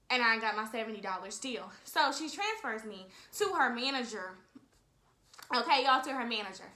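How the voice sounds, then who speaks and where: A young woman in her twenties with a fairly high, bright and forceful voice. She tells a casual storytime to her viewers, animated and direct, often calling them "y'all". The room around her sounds echoey. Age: 20s. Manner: animated, talks straight to viewers, frequent "y'all". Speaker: vlogger telling a story.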